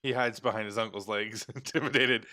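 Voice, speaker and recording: Bright-voiced man reading a story game. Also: on the low side, fairly even intonation, a little fast. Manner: reads the story aloud, breaking off for joking asides. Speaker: game player reading aloud. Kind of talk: let's play narration with commentary.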